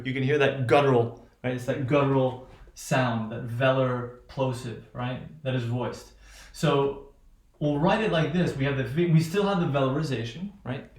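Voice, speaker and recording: A linguistics lecturer with a mid-range, slightly mellow voice gives a classroom lecture on phonetics, rambling with many restarts and repeatedly checking in with "right?". The sound is roomy.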